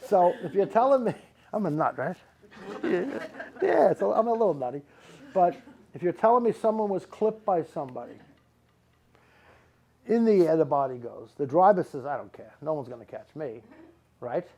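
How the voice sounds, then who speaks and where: This middle-aged man is a psychic medium reading for a live crowd, his slightly high voice mellow and creaky with big pitch swings. He speaks at normal speed, pausing often, and rambles emphatically, repeating words to hammer home his points.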